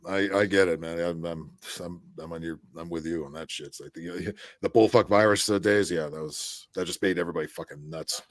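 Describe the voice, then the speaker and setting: Deep fast-talking profane man. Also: fairly even intonation, no room sound. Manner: profane, halting with repeated restarts. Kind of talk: casual chat.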